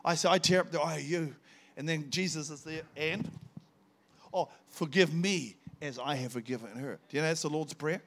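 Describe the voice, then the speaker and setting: A man's voice: fairly high pitch, moderate pace. An older man, a visiting preacher telling a personal testimony in a sermon and acting out the dialogue. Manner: animated storytelling, acting out dialogue.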